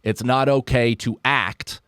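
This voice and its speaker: A man's voice: mid-range voice, fairly even intonation, slow pace, a bit bright, clear, resonant tone, no echo, clean studio sound. A man, a comedian, talking candidly and with plenty of swearing in a casual podcast chat. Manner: candid, profane, self-deprecating. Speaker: comedian guest.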